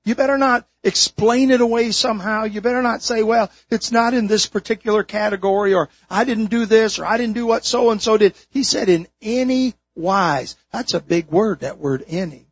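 Husky high-voiced preacher. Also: male voice, dry recording. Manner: emphatic preaching, dwelling slowly on key words. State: throat strain, holding back tears. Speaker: pastor. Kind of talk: sermon. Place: church sanctuary, from the pulpit. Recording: dull lo-fi sermon recording.

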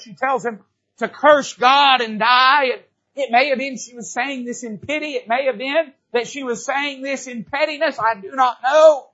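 Preacher, high husky voice, dull lo-fi church recording, quiet then loud. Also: male voice. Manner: swings from quiet to loud with repeated questions. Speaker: pastor. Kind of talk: sermon. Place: church sanctuary.

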